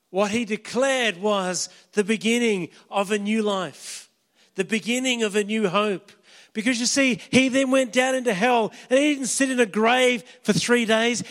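A man preaching with a very high-pitched voice, retelling a story dramatically as he drops to a hush and then builds to shouts. His voice carries the long reverb of a large hall. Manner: dramatic, swinging from hushed to shouting.

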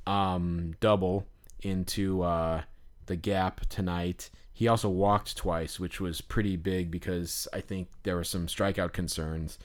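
Man, podcast co-host, casual storytelling, rambling, smooth voice. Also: sits low. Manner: rambling, lots of fillers and restarts; animated when telling stories.

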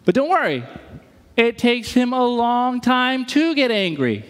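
High-voiced preacher in a reverberant hall. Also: male voice, big pitch swings, measured pace. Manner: casual, joking preacher with sudden emphatic bursts. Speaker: pastor. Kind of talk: sermon.

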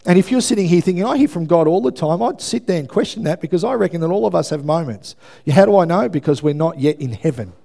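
A man's voice: on the high side, expressive, fast, gravelly. A man, a pastor preaching a sermon to a congregation, emphatic and often checking in with listeners. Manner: emphatic, building to loud preaching, asks the congregation for responses. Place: church before a congregation.

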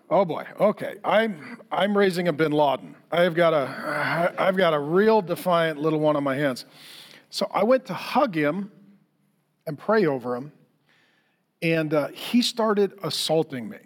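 A man preaching a conversational sermon, telling stories and acting out the lines of the people in them. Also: on the high side. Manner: conversational, storytelling with acted-out quotes. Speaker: pastor.

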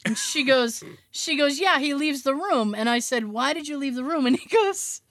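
A woman's voice: high voice, expressive, normal speed, fairly bright tone, dry recording, studio quality. A woman co-hosting a podcast, telling a family story in casual chat, swearing now and then and laughing as she goes. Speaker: podcast co-host.

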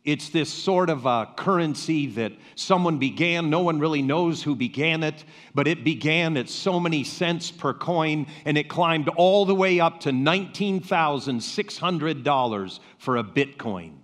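A man preaching a sermon as a pastor, with slow, emphatic pauses and rhetorical questions. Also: a little high, animated, fairly bright tone. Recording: reverberant hall.

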